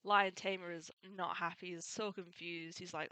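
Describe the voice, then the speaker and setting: A woman with a bright, crisp voice talks casually through a comic's story. She is chatty and opinionated, and she adds fond side remarks as she goes. Her voice sounds dry and close to the mic. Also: fairly low pitch, level tone, normal speed, no room sound, poor audio. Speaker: manga recap YouTuber. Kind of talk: casual chat retelling a comic.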